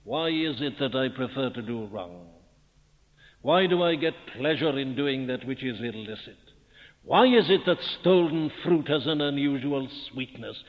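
Fervent preacher in an echoing hall. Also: male voice, mid-range voice, lively intonation, moderate pace, highs cut off. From Wales. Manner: earnest, rhetorical questioning, rising to fervent emphasis. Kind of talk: sermon. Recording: old archival tape, phone-thin sound, long hall reverb.

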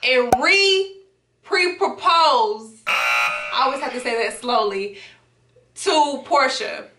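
A woman's voice: on the high side, slow pace, echoey room, background noise. A woman hosting a casual reaction chat at home, chatty and slangy, laughing often as she talks. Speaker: YouTube reaction host. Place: home setup with hookah and wine.

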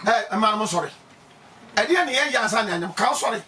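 A man with a Ghanaian accent preaching emphatically, laughing often and breaking into shouts. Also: high voice, animated, a little fast, recorded from a distance, slight background noise. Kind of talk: animated preaching.

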